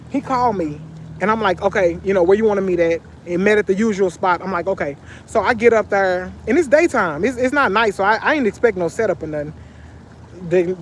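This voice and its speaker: A man with a notably high voice spins a casual storytime tale for his vlog, animated and full of slang and repeated phrases. He talks from a bench, with a faint hum of noise behind him. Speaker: vlogger. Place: sitting on a bench.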